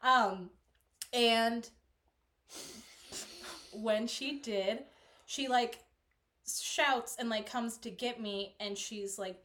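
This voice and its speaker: A woman's voice: fairly high pitch, expressive, slow pace, long pauses. A woman co-host telling candid stories. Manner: candid, laughing storyteller with sudden quiet drops. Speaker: podcast co-host. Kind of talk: casual chat.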